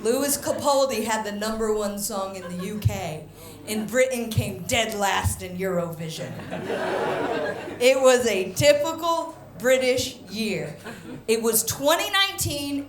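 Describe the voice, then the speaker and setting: An American woman does a brash, animated stand-up set on a handheld stage mic, telling stories and slipping into quick mimicry. Her voice is fairly high. The comedy venue sounds echoey, with live audience noise around her.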